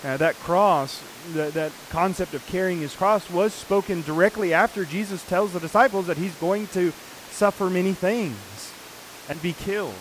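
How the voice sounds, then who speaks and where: A man's voice: high voice, lively intonation, moderate pace, slight background noise, poor audio. A man preaching a sermon, earnestly explaining scripture passages in a teaching manner.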